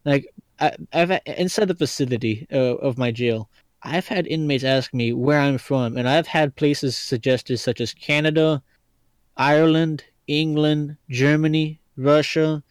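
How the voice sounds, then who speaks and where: A man's voice: fairly high pitch, steady tone, a little slow, clear, resonant tone, dry recording. A man from Kentucky, a podcast guest in casual chat, talking in a rambling, hesitant and playful way with an accent people find hard to place. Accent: hard-to-place, not regional Kentucky. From Lexington, Kentucky, US.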